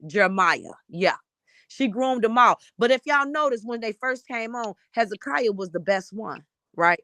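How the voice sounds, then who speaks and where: A woman's voice: on the high side, animated, normal speed, sharp tone, no room sound. Fiery, profane woman ranting. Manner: blunt, profane, fired-up ranting. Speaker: panelist. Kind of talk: heated live-stream commentary.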